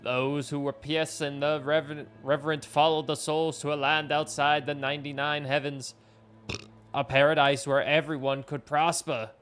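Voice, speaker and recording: A man doing a village shaman delivering a legend in a slow, solemn sermon voice. Each line is weighed and grave, with soft game music underneath. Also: on the high side, level tone, close to an everyday voice.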